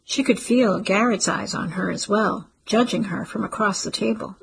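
A woman narrating a literary story in a steady audiobook reading. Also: mid-range voice, moderate pace, creaky, a little hiss or hum, poor audio.

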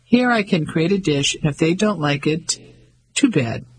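A man's voice: a little high, normal speed, slight background noise, lightly acted, low-quality recording. A man voicing Henri, an easygoing French chef who talks with a shrug. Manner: shrugging, relaxed.

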